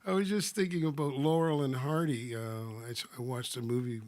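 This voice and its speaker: A musician and storyteller chatting on a video call, easygoing and quick to laugh, talking low and quietly. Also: male voice, steady tone. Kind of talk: casual chat.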